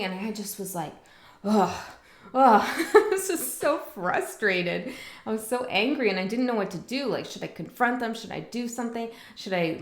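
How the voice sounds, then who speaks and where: Woman tarot reader, mid-pitch, reflective rambling delivery in a roomy space. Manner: rambling, reflective, many fillers and restarts. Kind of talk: casual spiritual monologue.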